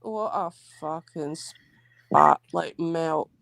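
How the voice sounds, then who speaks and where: A woman's voice: deep voice, very slow, gravelly, a bit bright. A woman guest in a casual stream chat, blunt and emphatic, swearing freely.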